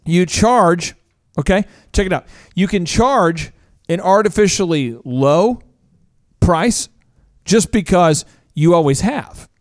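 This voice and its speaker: Male business podcast host, animated and jokey, higher voice, dry studio sound. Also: dry recording. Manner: animated, jokey, quick asides and voice impressions. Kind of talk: energetic casual business talk.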